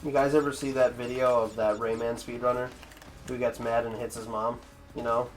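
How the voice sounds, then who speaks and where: Male streamer, mid-pitched, casual offhand chatter to chat, heavy profanity, faint game music under. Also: flat delivery, moderate pace. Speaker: streamer, speedrunner. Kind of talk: casual chat with stream viewers while gaming.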